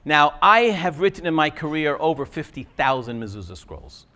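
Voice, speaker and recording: Man, middle-aged, high voice, very lively pitch, storytelling talk, acts out dialogue. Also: moderate pace. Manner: animated, acts out quoted dialogue. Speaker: scribe giving a talk. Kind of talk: personal storytelling.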